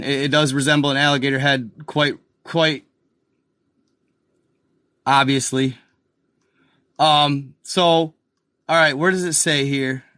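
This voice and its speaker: A man hosting a casual live commentary, rambling excitably and calling out to viewers as guys and y'all. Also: a little high, no room sound, clean studio sound. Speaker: channel host.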